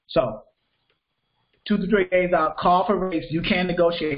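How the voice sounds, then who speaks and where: Over lo-fi sound, a high-pitched man speaks at a moderate pace while running a live freight broker class. His style is casual: he says things more than once and checks in to see if everyone understands.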